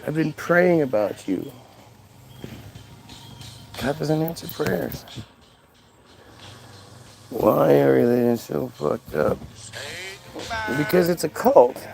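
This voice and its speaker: A man's voice: a little high, takes it slowly, vocal fry, long pauses, low-quality recording. A man hosting a livestream, talking casually in a sarcastic, mocking, profane way. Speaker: livestream host reading chat.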